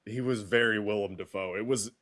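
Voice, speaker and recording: A man in a casual stream chat, talking quietly and chatting easily. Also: lowish voice, a little fast.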